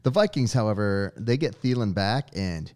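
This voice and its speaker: A man with a very low voice joining a football show as guest host. He delivers his picks casually, slipping in dry, sarcastic jokes. The tone stays loose and conversational. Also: brisk, a little mellow. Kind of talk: casual sports chat.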